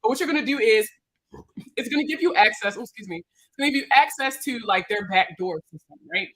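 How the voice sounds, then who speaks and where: A woman with a Baltimore accent, a credit repair consultant, answering viewers' questions in a casual livestream, animated and slangy, joking with her audience. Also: fairly high pitch, quick pace, poor audio.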